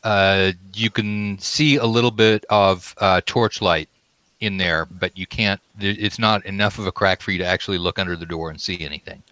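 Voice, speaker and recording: A man narrating as game master, calmly describing what the characters do step by step. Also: low-pitched, normal speed, a little hiss or hum. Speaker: dungeon master.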